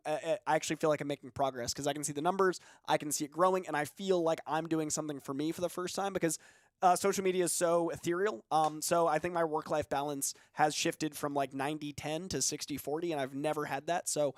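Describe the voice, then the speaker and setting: A chatty man co-hosting a livestream, telling stories at length with a self-deprecating edge. His voice sits fairly high for a man and the sound is close and dry, with no room around it. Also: steady tone, quick pace, no room sound. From Boston. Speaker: co-host. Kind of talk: casual livestream chat.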